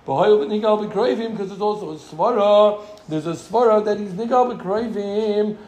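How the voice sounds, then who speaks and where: A man's voice: sits high, moderate pace, a little mellow, roomy sound. A man teaching a Gemara class in a casual way, repeating his phrases and making joking asides to his students. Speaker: Talmud teacher.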